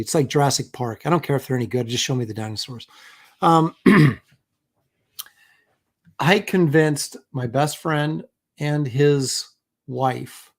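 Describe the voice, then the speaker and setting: A man's voice: mid-range voice, unhurried, long pauses. A middle-aged man hosting a live stream, chatting casually in a rambling, self-mocking way with lots of fillers and restarts. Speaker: host of a live comic art stream.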